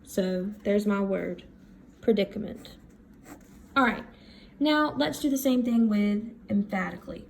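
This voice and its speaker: A woman teacher giving a recorded reading lesson, talking slowly and thinking aloud as she works through words. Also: medium pitch, gravelly, a little hiss or hum. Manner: slow, thinking aloud while writing.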